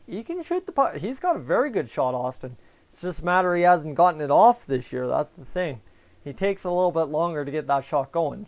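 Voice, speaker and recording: A man's voice: on the high side, smooth. A young man hosting a live fan stream, chatting casually about the game and answering viewers by name over a headset mic. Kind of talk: casual fan commentary and chat replies.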